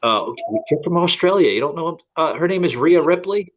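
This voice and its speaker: A podcast host from Florida in the United States talks fast in a slightly high, expressive voice, though the audio sounds dull. In casual chat he rambles, using lots of fillers and restarts.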